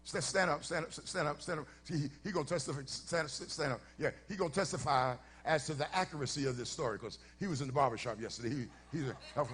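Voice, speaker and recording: A middle-aged man, a pastor, telling a story in a sermon before his congregation, shifting from easy conversational talk to shouted preaching. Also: a little high, fast, few pauses, breathy edge. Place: church sanctuary before a congregation.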